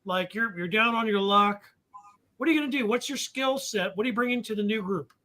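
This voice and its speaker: A man hosting a casual group chat over a card game, joking and teasing loudly. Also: high-pitched. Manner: joking, loud teasing, quick to laugh. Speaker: host.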